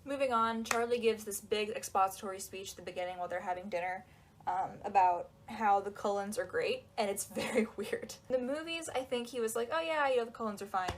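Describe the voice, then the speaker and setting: A young woman giving casual, sarcastic commentary on a book, acting out quotes in quick asides. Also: mid-range voice, a little hiss or hum, low-quality recording. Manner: sarcastic, chatty, acts out quotes.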